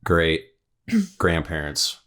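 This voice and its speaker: A woman hosting a casual interview, relaxed and using fillers like "um" and "like". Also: extremely low pitch, extremely slow. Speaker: host.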